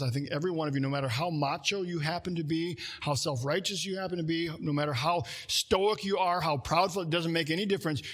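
A man's voice: on the high side, husky. A middle-aged man from Minnesota preaching a sermon in a conversational way, with asides and jokes. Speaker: pastor.

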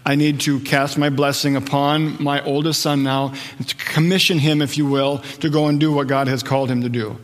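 Middle-aged male pastor, sermon, conversational storytelling, slightly high voice, long hall reverb. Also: level tone, moderate pace, hardly any pauses. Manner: conversational storytelling with acted quotes.

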